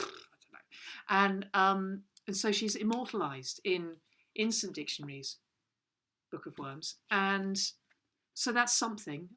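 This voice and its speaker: A woman's voice: lowish voice, fairly bright tone. Whimsical woman telling tales. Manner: whimsical, rambling, mock-serious. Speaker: co-host of a comedy kids' lesson. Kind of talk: playful storytelling to camera. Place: at home.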